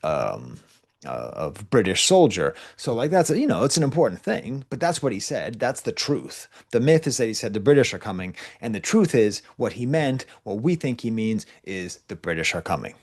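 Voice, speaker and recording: A man's voice: mid-range voice, big pitch swings, normal speed, a little mellow. A man who is a college professor, giving a recorded class lecture in a conversational, digressive way with frequent asides and restarts.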